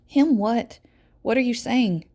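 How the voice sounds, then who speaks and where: A woman's voice: lowish voice, steady tone, a little slow, gravelly, warm tone. A woman reading aloud and voicing a distraught mother who pleads with her injured teenage son. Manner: pleading, rising to near-wails.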